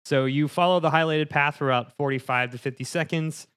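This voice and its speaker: A man's voice: a little high, a bit bright, clear, resonant tone. Casual male game master narrating. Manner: casual, halting with fillers, laughs often.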